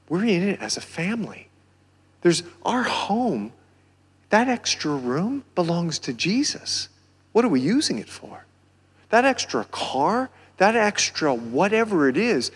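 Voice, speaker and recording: A pastor with a Southern country accent preaching a sermon, building to near-shouts on key phrases. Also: male voice, high voice, husky. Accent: American Southern. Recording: long hall reverb.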